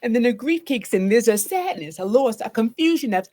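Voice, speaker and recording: A woman's voice: fairly high pitch, animated, fairly quick, dark tone. A middle-aged woman therapist giving a live solo talk about trauma. She speaks earnestly and often checks in with "right?".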